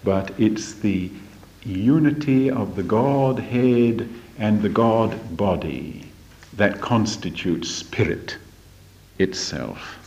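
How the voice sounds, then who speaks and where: Slow, deliberate man lecturing. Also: on the low side, expressive, darkish tone, slight background noise. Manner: deliberate, emphatic, asks rhetorical questions. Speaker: religious study teacher. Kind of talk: slow lecture on a spiritual text. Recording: dull lo-fi recording.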